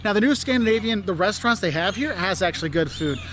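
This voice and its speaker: A man with a notably high voice gives travel tips with lots of enthusiasm. He laughs often and slips into silly mock voices. A faint background hum sits under his talk. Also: expressive, fast, fairly bright tone. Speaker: travel video host. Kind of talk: travel advice vlog.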